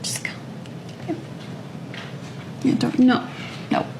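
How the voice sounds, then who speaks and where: A woman's voice: extremely slow, darkish tone, slight background noise. An actress playing a woman who breaks up with her partner in a comedy sketch, asking flustered, pleading questions. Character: woman ending a relationship, flustered.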